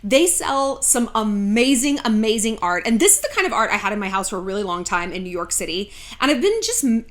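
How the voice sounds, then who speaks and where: A woman in her thirties chatting casually to camera from home, sarcastic and quick to swear. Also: medium pitch, animated. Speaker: vlogger.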